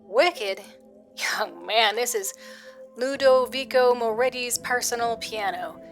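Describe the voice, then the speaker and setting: A woman's voice: a little high, slow. A woman voicing a haughty old man with a Southern accent who guards a prized piano and lectures in a stern, refined way.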